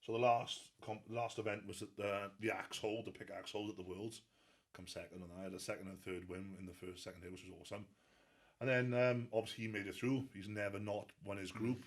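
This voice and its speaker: A man's voice: on the low side, level tone, fairly quick. A Welsh man telling stories in a casual interview, laughing and swearing freely. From Wales. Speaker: guest strongman athlete.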